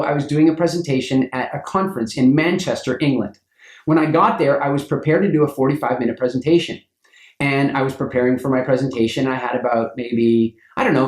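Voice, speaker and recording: Guy giving a speaking lesson, bit high voice, acts out the other people's lines, roomy echo. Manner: acts out quoted voices with big pitch jumps. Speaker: speaking coach. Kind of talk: animated storytelling lesson.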